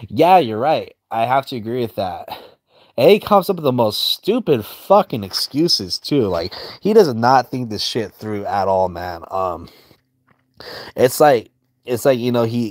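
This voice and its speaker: A man's voice: lowish voice, lively intonation, unhurried, dry recording, clean studio sound. A man streaming and drawing as he comments in a crude, heavily profane, rambling way. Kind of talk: casual commentary while drawing.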